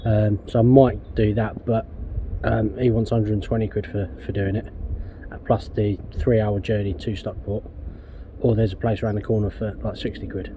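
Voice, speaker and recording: English guy working on his van in the yard, low dark voice, rambling, swears a lot. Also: little pitch movement, moderate pace, a little hiss or hum. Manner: rambling, swears often, laid-back. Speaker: DIY van customizer vlogger. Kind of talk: casual workshop vlog while working.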